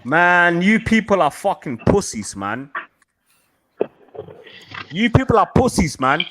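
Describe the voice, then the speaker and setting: A man's voice: sits high, big pitch swings, takes it slowly, background noise. A man on an online call, taunting and insulting another caller in heated trash talk. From Southall, London. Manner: taunting, insulting, repeats lines.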